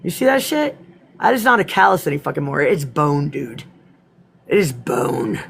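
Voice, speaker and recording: A woman hosting a casual livestream, greeting commenters by name and swearing freely, her voice slightly hoarse. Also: deep voice, animated, normal speed. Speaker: livestream host. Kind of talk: casual livestream chat and reading her own poems.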